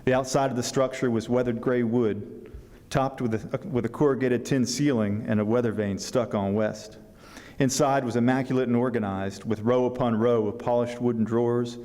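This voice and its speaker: A man's voice: fairly low pitch, warm tone. Man reading aloud in a reverberant hall. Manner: unhurried reading with fillers and restarts between passages. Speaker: author reading from his novel. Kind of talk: public reading at a book fair symposium. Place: symposium hall.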